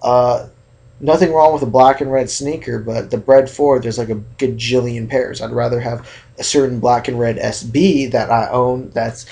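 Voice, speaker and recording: A young man from California talking casually into the camera in a vlog rant, chatty and animated, acting out how other people react. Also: medium pitch, moderate pace, creaky. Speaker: sneaker vlogger.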